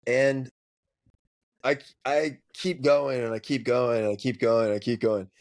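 A man's voice: mid-range voice, a little slow. A man on a podcast, a dog trainer telling stories in casual, profane chat. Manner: profane, storytelling, animated.

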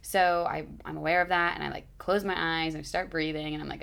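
A woman in her thirties talks through a travel story in a loose, rambling vlog style. Her voice sits low and has a gravelly rasp. She leans on "like" and "you know" as she goes. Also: level tone, brisk, few pauses, fairly bright tone. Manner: rambling, chatty, lots of "like" fillers.

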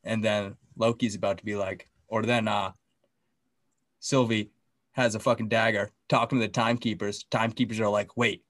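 A man co-hosting a podcast, excitedly recapping a TV episode in casual chat, swearing often and acting out the scenes. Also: on the low side, normal speed, no echo, studio quality. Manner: excitable, profane, acts out scenes. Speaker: podcast co-host.

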